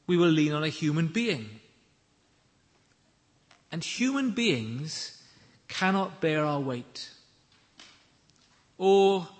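A man preaching a sermon, measured and emphatic, with deliberate pauses. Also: high-pitched, a bit bright, long reverb tail.

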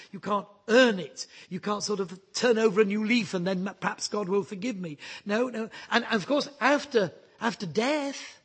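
A man's voice: high voice, a bit bright, breathy edge. A man preaching a sermon, telling stories earnestly and building to fervent emphasis. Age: adult.

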